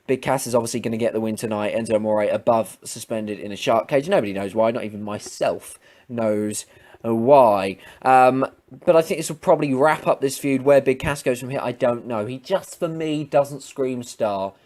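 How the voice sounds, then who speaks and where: A man giving casual, rambling wrestling predictions to camera, swearing freely and quickly getting heated. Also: mid-range voice, darkish tone. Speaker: wrestling preview vlogger. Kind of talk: casual unscripted commentary.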